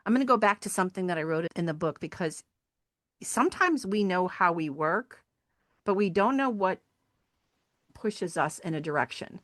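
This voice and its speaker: Earnest woman telling stories, lowish voice. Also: normal speed, long pauses, dry recording, clean studio sound. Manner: earnest, animated storyteller acting out quoted voices. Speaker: podcast guest, sculptor and hiking group founder. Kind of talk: conversational storytelling interview.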